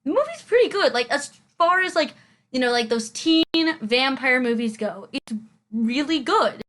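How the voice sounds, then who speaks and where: A woman's voice: sits high, big pitch swings, normal speed, fairly bright tone. Chatty, rambling eighteen-year-old girl. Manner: chatty and rambling, laughs often, many "like"s. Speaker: vlogger reacting to a movie. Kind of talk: casual chat.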